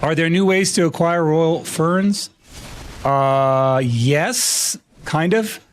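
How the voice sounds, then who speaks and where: A man's voice: a little high, slow pace, a little hiss or hum. A man streaming live, chatting casually and joking playfully with his chat.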